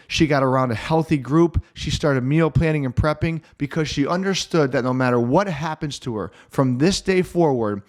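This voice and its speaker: A middle-aged man hosting his own podcast as a mental performance coach, telling a client story in an earnest, emphatic motivational monologue. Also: mid-range voice. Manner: earnest, emphatic storytelling with slow stressed phrases.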